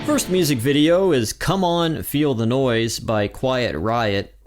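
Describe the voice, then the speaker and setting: A man hosting a podcast, recapping a cartoon episode in lively storytelling narration. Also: medium pitch, slow pace, loud music behind the voice. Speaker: podcast host.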